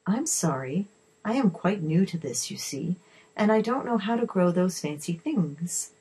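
A woman's voice: lowish voice, animated, unhurried, darkish tone, husky, full character voice, rough recording. A woman voicing an earnest, kind mother who is new to gardening, speaking eagerly. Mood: apologetic.

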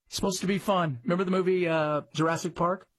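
A male talk radio host with a somewhat high, husky voice, recorded dry and close in the studio. He talks in a loose, rambling way, jumping up in pitch to stress a point. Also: fairly bright tone, no room sound. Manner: conversational, rambling, jumps up in pitch for emphasis. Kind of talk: casual talk radio commentary. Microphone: studio mic.

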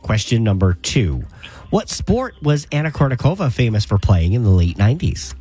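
Sick male radio host with lively pitch. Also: moderate pace, breathy edge, soft background music. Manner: quizzing a caller. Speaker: radio morning show host. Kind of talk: radio game show hosting.

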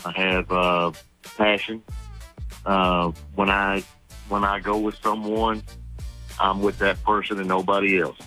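A man calling in to a radio show, speaking earnestly with halting restarts. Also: deep voice, level tone, sharp tone, soft background music, low-quality recording. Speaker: caller.

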